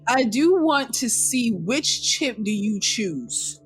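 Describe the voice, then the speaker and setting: A woman narrating as game master, telling the story slowly and deliberately with casual slang. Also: a little high, big pitch swings, soft background music.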